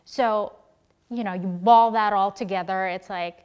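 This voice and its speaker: A woman from the Philippines, an actress in her thirties, talking in a casual interview in an animated, expressive way with frequent laughs. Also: medium pitch, measured pace, smooth. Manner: animated and expressive, laughs often, many fillers.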